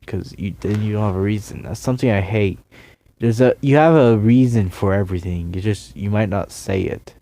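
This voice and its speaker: A man with a lowish, gravelly voice rambles through a solo video rant. He sounds tired and yawny, and keeps drifting off topic into sarcastic asides. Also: normal speed, mellow, no echo. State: tired, yawning. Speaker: YouTuber.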